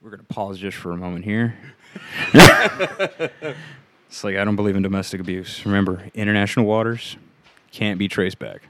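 A man's voice: fairly low pitch, normal speed, pauses often, heavy background noise. A man co-hosting a casual podcast from home on a desk microphone, joking around. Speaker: podcast co-host. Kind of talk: casual chat. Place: home room, recording a podcast. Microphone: desk microphone on a stand.

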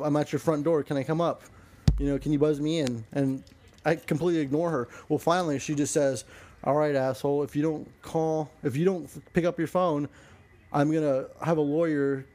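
A man spinning a rambling story in a casual podcast chat, cursing freely and restarting his sentences. His voice sits a little high for a man. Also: mellow. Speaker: podcast guest.

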